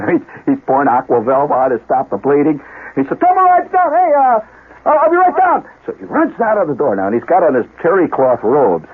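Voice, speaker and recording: A man's voice: medium pitch, slightly rough. A man hosting a radio show, telling a long comic story in a rambling, digressive way with asides. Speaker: radio host. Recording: narrow, lo-fi 1970s radio broadcast.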